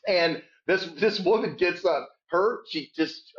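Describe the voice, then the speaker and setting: A man telling a rambling, animated sports story in a casual podcast chat. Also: takes it slowly. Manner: animated, shouts quoted hecklers in a high voice. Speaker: podcast guest. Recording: dull lo-fi sound.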